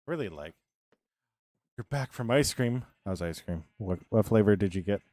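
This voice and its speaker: A man's voice: on the low side, lively intonation, normal speed, a little mellow, no echo. A man chatting casually on a live game stream, rambling and answering his viewers' chat as he plays.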